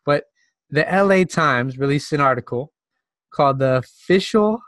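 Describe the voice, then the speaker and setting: A man's voice: on the high side, normal speed, fairly bright tone, no echo, studio quality. A man co-hosting a podcast, laid-back and reading out a ranking list in casual chat. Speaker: podcast co-host.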